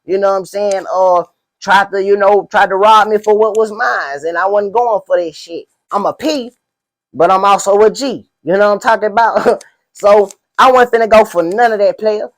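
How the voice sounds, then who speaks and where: A man's voice: high voice, moderate pace, close to an everyday voice. A man playing a boastful streetwise pimp in a spoof interview, rambling in slang and constantly asking "you know what I'm saying". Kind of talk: comedic parody interview.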